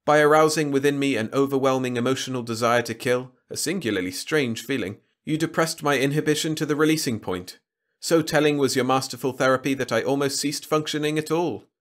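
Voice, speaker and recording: A man's voice: mid-range voice, brisk, a bit bright, voice pushed up, lightly acted. A man voicing a grandiose, contemptuous ancient alien weapon in a storybook reading, speaking with lofty, pompous declamation. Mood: exultant.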